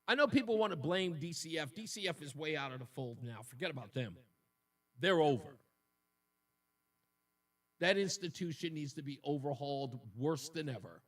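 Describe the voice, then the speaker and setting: Indignant high-voiced male radio host. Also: lively intonation, moderate pace, pauses often, a bit bright, recorded from a distance. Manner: indignant, emotional, repeats points for emphasis. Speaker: radio talk show host. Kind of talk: talk radio monologue.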